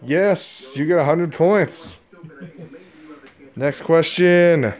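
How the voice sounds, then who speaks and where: A man's voice: fairly high pitch, very slow, darkish tone. A man hosting a goofy homemade game show parody in a silly mock-announcer style.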